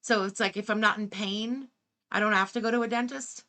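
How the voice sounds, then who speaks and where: A woman's voice: medium pitch, steady tone, fairly quick, sharp tone. A woman hosting reaction commentary, talking in an incredulous, sarcastic way and swearing freely. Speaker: commentary host.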